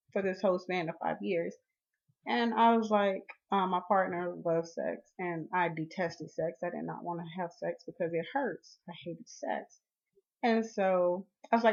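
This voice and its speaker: A woman in her twenties recounts her own story straight to camera in a mid-range voice. She gets animated and acts out the lines she and others said. The recording sounds dull and lo-fi. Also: medium pitch. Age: 20s. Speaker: vlogger.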